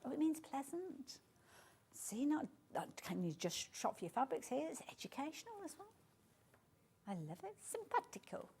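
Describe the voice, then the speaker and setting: A high, somewhat mellow female voice, very animated at a moderate pace, fronts a live TV sales show in a studio. The shopping channel presenter gushes chattily about the fabrics, lauding each design and repeating "beautiful."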